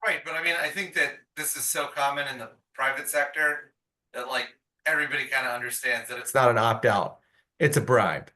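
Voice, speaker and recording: A man on a town committee arguing his point in a meeting, animated and blunt, with frequent restarts. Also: mid-range voice, a little fast. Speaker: committee member. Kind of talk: meeting discussion.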